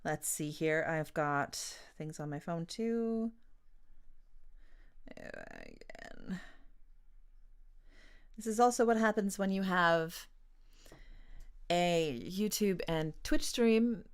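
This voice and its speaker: A woman's voice: lowish voice, very animated, takes it slowly, long pauses, clean tone. A woman with a Canadian accent hosting a livestreamed book launch, chatting casually, laughing and apologizing over technical trouble.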